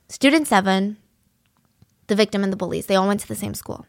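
A woman's voice: mid-range voice, fairly quick, dry recording, studio quality. A woman hosting a show, retelling a true-crime case in a casual, indignant way with plenty of fillers.

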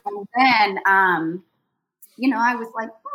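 A woman telling a lively, self-deprecating story in a casual podcast chat. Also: medium pitch, slow, rough recording. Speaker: sideline reporter guest.

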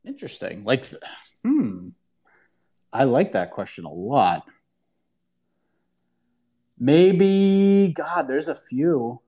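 A man's voice: mid-range voice, big pitch swings, very slow, long pauses, mellow, husky. A man hosting a casual call-in talk show, giving emphatic, opinionated answers in bursts with frequent restarts. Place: online audio room.

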